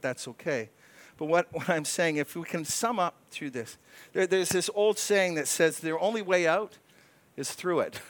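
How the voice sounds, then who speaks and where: Pastor, male, slightly high voice, earnest, chatty sermon with frequent restarts. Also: fairly bright tone. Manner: earnest, conversational preaching with stumbling restarts.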